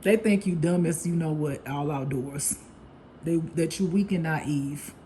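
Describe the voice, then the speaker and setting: A mellow, warm voice delivers a casual spiritual tarot reading with plenty of bluntness and swearing. The reader laughs easily and slips in quick acted-out snippets of other people's talk. A faint hum of noise sits behind the voice. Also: medium pitch. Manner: blunt, profane and laughing, acting out gossip.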